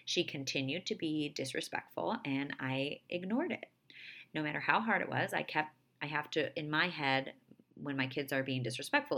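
A woman in her thirties hosting a podcast, talking earnestly and confidingly about her own life and parenting, slowing down to soften key points. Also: low-pitched. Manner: earnest, confiding, with soft slowed emphasis. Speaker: podcast host. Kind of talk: personal reflective monologue.

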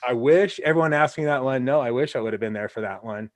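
A man's voice: medium pitch, fast talker, no echo. A man from Wyoming hosting a casual interview, telling rambling anecdotes full of restarts. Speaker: podcast host.

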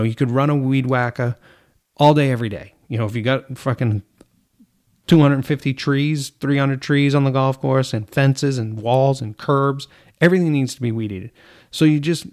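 A man's voice: mid-range voice, a little mellow. A man who runs a golf course crew, talking bluntly in casual chat, swearing freely and acting out what he says to his workers.

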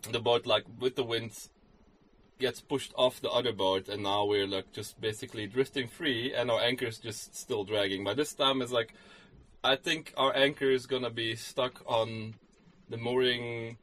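A man co-hosting a casual podcast, his voice sitting in an ordinary middle pitch. He tells the story in a loose, rambling way, full of fillers and self-corrections. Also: fairly even intonation, normal speed, a bit bright. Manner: rambling, many fillers and restarts. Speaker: podcast co-host.

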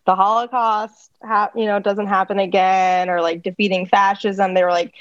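A woman's voice: medium pitch, flat delivery, moderate pace, hardly any pauses, no room sound, muffled recording. A woman co-hosting a podcast, chatty and sardonic, with lots of fillers. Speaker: podcast co-host. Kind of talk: casual chat.

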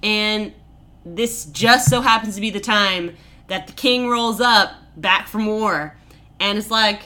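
On a podcast she co-hosts, a woman with a mid-range voice speaks unhurriedly while giving a fairy tale a casual, comedic retelling. She's animated, full of swearing and filler, saying "like" and "basically" constantly.

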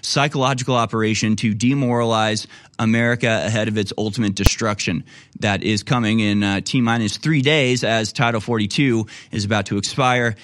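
A man's voice: fairly low pitch, fairly even intonation, normal speed, fairly bright tone. A man hosting a political talk radio show, quoting articles and rebutting them with indignant emphasis. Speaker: radio host.

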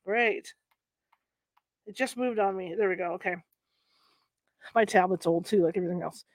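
A woman hosting a channel, reading a historical book aloud with chatty asides and halting over old wording. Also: mid-range voice, no echo. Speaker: host of a paranormal reading channel.

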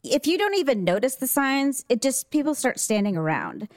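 A woman's voice: sits high, moderate pace, no echo, clean studio sound. A middle-aged woman co-hosting a podcast, telling a story in casual chat and acting out the quoted dialogue. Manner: animated, acts out quoted dialogue.

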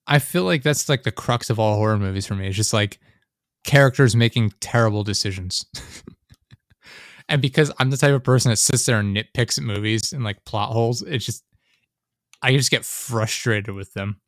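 Young man, casual rambling chat, animated, dry close sound; acts out scenes. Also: fairly low pitch, moderate pace, dry recording.

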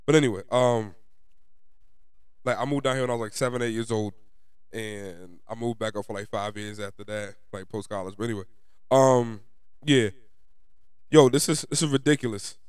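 A man's voice: lowish voice, moderate pace, pauses often, clear, resonant tone, no echo, clean studio sound. A young man from New York with a New York accent, ranting in a frustrated, profane, emphatic way as a sports fan vlogger.

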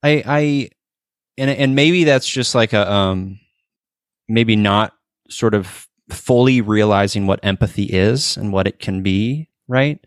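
A man's voice: fairly low pitch, slow pace, no echo, clean studio sound. A man of forty hosting a casual interview, talking earnestly with frequent restarts and fillers. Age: 40s. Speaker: podcast host.

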